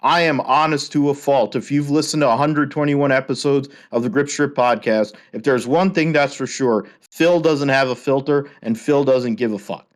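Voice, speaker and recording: A man's voice: medium pitch, normal speed, hardly any pauses. A man hosting a podcast, ranting heatedly with a lot of swearing in casual chat. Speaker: podcast host.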